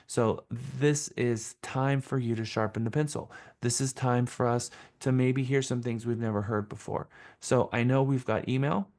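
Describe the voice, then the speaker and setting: A man's voice: medium pitch, fairly even intonation, moderate pace, darkish tone. A man leading a live sales training session, talking in an enthusiastic, emphatic way and repeating phrases for stress.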